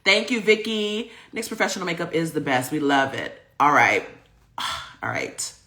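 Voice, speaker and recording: A woman's voice: sits low, big pitch swings, moderate pace, sharp tone. A woman hosting a livestream show, hyped and playful as she greets viewers and reads out their comments over a video call. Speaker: host.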